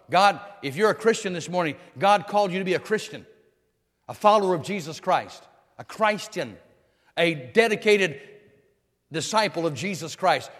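A man's voice: a little high, a bit bright, long reverb tail. A man preaching a sermon emphatically, repeating phrases and restarting as he drives each point home. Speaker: pastor.

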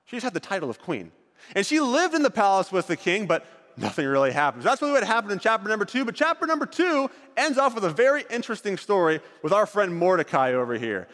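A man's voice: sits high, fairly bright tone, in a large hall. A man leading a group through an acted-out Bible story, directing volunteers on stage as he narrates.

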